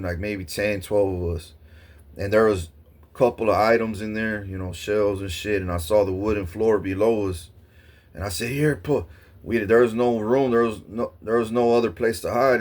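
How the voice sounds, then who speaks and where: A man with a lowish voice spins a wild personal story in casual vlog talk. He rambles and swears freely, his delivery excitable and loose. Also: normal speed. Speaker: vlogger.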